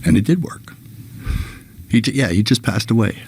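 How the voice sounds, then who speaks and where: A man's voice: lowish voice, animated, normal speed, gravelly, darkish tone, a little hiss or hum. A man telling anecdotes as a guest in a casual conversation, acting out the quotes as he goes.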